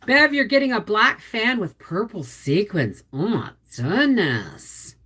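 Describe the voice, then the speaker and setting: A woman's voice: mid-range voice, very animated, slow pace, fairly bright tone, breathy edge. A middle-aged woman from Quebec chatting casually on a livestream, greeting viewers by name. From Quebec, Canada. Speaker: homestead channel host. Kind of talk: casual livestream chat reading comments.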